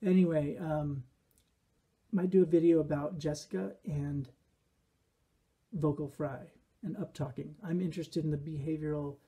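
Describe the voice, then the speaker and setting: A man's voice: on the high side, fairly even intonation, moderate pace, long pauses, warm tone, husky. A man giving casual, rambling commentary on a reality show from a behaviorist's view, often acting out quotes. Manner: rambling, reflective, with quoted asides.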